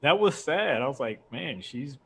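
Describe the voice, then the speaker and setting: A man's voice: mid-range voice, big pitch swings, moderate pace, gravelly, sharp tone, breathy edge. A young man hosting a casual podcast, rambling through a long story with frequent laughs. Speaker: podcast host. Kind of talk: casual chat.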